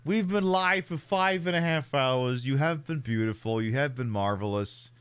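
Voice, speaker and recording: A man's voice: mid-range voice, moderate pace, fairly bright tone, smooth. A young man rambling casually in profane live-stream commentary, talking to his chat.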